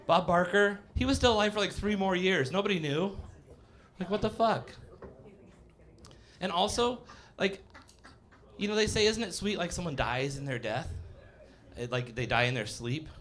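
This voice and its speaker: A man's voice: fairly high pitch, a bit bright. Man, fifties, stand-up comic in a cafe, rambling self-deprecating patter. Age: 50s. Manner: rambling, self-deprecating, filler-heavy delivery with acted-out voices. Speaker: stand-up comedian. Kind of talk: live stand-up set. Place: live comedy cafe stage.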